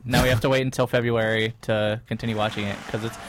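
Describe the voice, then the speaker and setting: A man's voice: medium pitch, level tone, fast, slight background noise. A man co-hosting a casual radio show, talking in a blunt, wry way. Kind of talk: casual banter.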